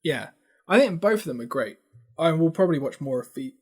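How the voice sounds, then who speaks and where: Husky, giggly man, high and lively. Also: fairly quick. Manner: giggly, sweary, mock-ranting. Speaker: podcast co-host. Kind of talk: casual chat.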